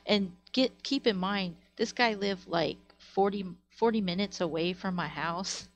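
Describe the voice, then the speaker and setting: A woman streamer of medium pitch talks a little slowly and with few pauses as she casually tells stories to her live chat. Her delivery rambles and is thick with fillers like "like," captured at home on a webcam or desk mic.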